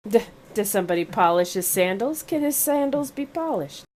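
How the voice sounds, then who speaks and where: A woman's voice: medium pitch, animated, normal speed. Woman, tabletop player, playful casual chat, faint noise behind her.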